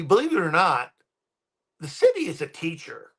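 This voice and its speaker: A man's voice: on the high side, huge pitch swings, moderate pace, fairly bright tone. A man, a guest paranormal researcher, telling stories in a casual podcast chat and rambling with many ums and restarts.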